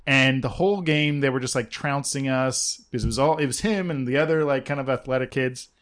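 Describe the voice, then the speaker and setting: A man co-hosting a podcast, telling a story in casual chat, animated and laughing often, acting out quoted lines. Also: mid-range voice, a little fast. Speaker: podcast co-host.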